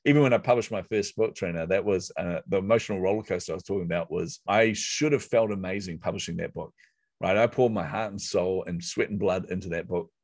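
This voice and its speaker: A middle-aged man, a guest in a conversation, telling a story in an animated, self-mocking way and acting out his own inner voice. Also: low voice, fast talker, no room sound.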